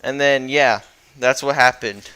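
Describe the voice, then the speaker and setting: Young male YouTuber, casual and goofy, smooth voice, rambling recap style. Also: medium pitch, measured pace, sharp tone. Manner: rambling and goofy, with lots of fillers and self-corrections. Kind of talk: casual recap over a slideshow.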